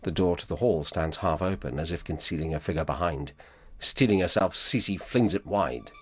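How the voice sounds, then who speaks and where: Low calm guy narrating whats on screen, steady, faint music. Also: moderate pace. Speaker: audio describer. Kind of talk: scripted narration.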